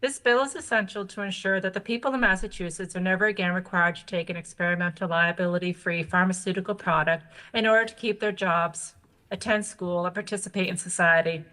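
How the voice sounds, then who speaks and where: Bright-voiced woman reading prepared testimony. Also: on the low side, a little fast. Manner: formal, steady, read from notes. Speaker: advocacy group member testifying. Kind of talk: prepared testimony read aloud.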